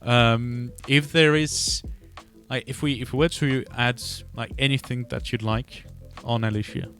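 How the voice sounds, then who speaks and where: A man hosting a podcast interview, speaking casually and hesitantly with many pauses and restarts. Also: medium pitch, fairly even intonation, a bit bright, faint music behind. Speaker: podcast host.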